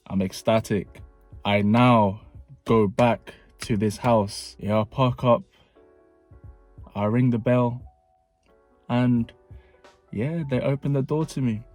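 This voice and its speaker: A young man telling a personal story in a casual vlog, animated and prone to repeating phrases for effect. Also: on the low side. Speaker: vlogger.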